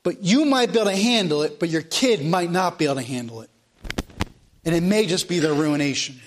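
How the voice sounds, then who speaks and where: A man's voice: on the high side, lively intonation, a little fast. A pastor giving a sermon to his congregation, reading scripture aloud and driving his points home with repetition.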